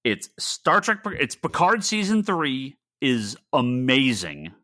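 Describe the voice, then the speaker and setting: Animated, bright-voiced man ranting. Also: mid-range voice, takes it slowly, dry recording, studio quality. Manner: animated ranting, swearing, acts out his own past reactions. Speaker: podcast co-host. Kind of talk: casual chat.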